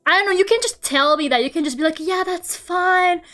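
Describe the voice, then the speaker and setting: Very high-voiced young woman rambling. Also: lively intonation, very fast, fairly bright tone. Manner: rambling, filler-heavy storytelling with frequent laughs. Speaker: streamer. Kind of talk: casual livestream chat while drawing.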